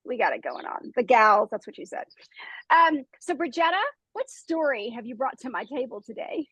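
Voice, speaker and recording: A woman with a high, breathy voice hosts a casual chat. She sounds playful and upbeat, recorded close and dry. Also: sing-song, moderate pace, a bit bright, no echo, low-quality recording. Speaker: podcast host.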